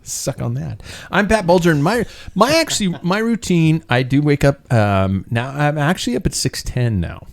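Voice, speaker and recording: Brief: middle-aged male podcast host, lively up-and-down delivery, laughs easily. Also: a little high, normal speed, vocal fry. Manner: animated storyteller, laughs often, acts out quotes. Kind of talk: casual chat.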